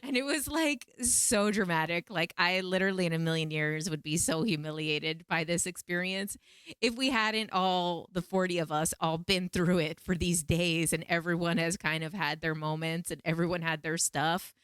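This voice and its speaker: A woman vlogger telling a personal story to camera in a casual, animated, emphatic way. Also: fairly low pitch, moderate pace, clean tone, dry recording, studio quality. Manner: animated, emphatic, repeats phrases for effect.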